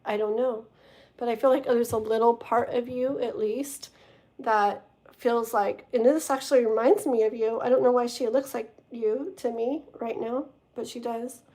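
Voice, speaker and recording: A woman's voice: a little high, fairly even intonation, normal speed, warm tone. A woman doing a live-stream tarot reading, talking straight to the viewer, rambling and stumbling over her words. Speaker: tarot reader.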